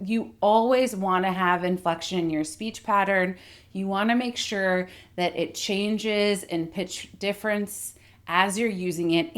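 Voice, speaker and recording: A middle-aged woman voice coach giving a clear, articulate instructional lesson that demonstrates vocal techniques. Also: medium pitch.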